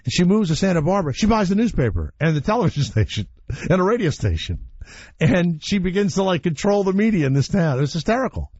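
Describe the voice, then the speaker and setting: A man's voice: high-pitched, fast talker, breathy edge, no echo, muffled recording. A man hosting a talk radio show, telling stories in an opinionated, blunt way with some swearing. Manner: opinionated, animated storytelling with blunt profanity. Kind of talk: casual talk radio chat.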